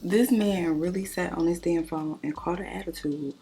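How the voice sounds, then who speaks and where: A woman's voice: lowish voice, moderate pace, warm tone. A young woman vlogger chatting casually while doing her makeup, telling a dating story bluntly and animatedly, with lots of swearing. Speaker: beauty vlogger.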